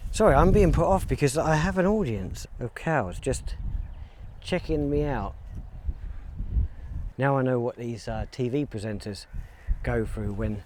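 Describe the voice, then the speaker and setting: A man talks casually into a handheld camera as he walks around a field outdoors, chatting playfully with the cows around him. His voice is warm and mellow. Faint outdoor ambience sits under his voice. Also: mid-range voice, animated, measured pace, slight background noise. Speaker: vlogger. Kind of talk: casual walking vlog. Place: outdoor field beside a stone circle.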